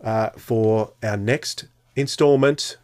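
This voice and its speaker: A man's voice: on the low side, takes it slowly, a little mellow. A man co-hosting a podcast, speaking casually with frequent hesitations. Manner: hesitant, many "uh" fillers. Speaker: podcast co-host.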